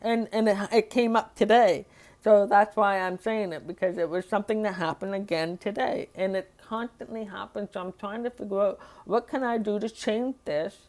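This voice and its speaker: A woman's voice: medium pitch, steady tone, normal speed, a little mellow. A woman talking through a hard day in a personal diary vlog, rambling and emotional, with sighs and nervous laughs. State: upset and overwhelmed. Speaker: vlogger.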